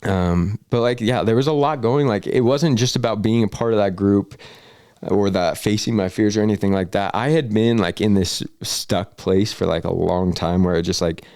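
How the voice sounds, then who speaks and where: Low creaky-voiced young man telling a story. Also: moderate pace, a little mellow, dry recording, clean studio sound. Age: young adult. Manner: rambling, filler-heavy, profane. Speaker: podcast guest. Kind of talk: casual storytelling.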